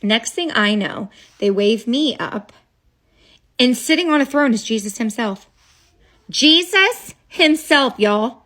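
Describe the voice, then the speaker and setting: A woman's voice: fairly high pitch, measured pace. A woman telling a childhood story straight to a phone camera, casual and dramatic, with chatty asides.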